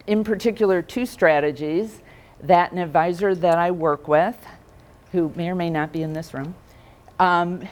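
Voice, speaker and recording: A middle-aged woman speaks to a live audience in a relaxed, conversational way, telling stories and asking questions along the way. Her voice sits a little low for a woman, and her delivery stays easy and direct. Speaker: speaker for financial advisors. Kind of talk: keynote talk with stories. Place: conference room with audience.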